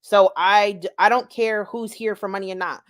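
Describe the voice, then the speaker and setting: A woman on a live commentary panel, talking quickly as she explains her reasoning. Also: mid-range voice, fairly even intonation. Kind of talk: casual commentary chat.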